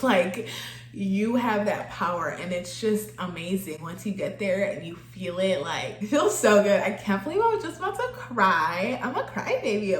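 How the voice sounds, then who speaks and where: A young woman chatting casually while getting ready, laughing often and getting emotional, close to tears. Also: mid-range voice. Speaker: vlogger. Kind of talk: casual get-ready-with-me chat. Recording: echoey room.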